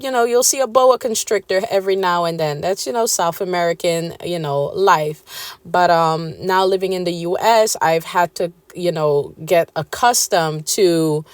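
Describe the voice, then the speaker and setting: A woman with a lowish voice talks casually to the camera about gardening, her speech full of fillers and side remarks. She is from Suriname but was raised Guyanese and carries a Guyanese accent, and the recording is dry.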